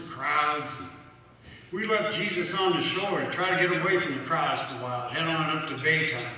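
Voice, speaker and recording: An actor with a Texan accent playing a blunt, loyal shrimper in a live stage monologue. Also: male voice, a little high, bright, forceful tone, a little hiss or hum. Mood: storytelling. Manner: folksy drawl, plainspoken. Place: café stage. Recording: echoey hall, mic far off.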